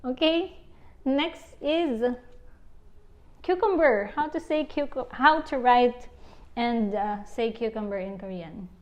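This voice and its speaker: A woman's voice: on the high side, takes it slowly. A young woman with a Filipino accent teaching a language lesson, patient and switching between English and Tagalog.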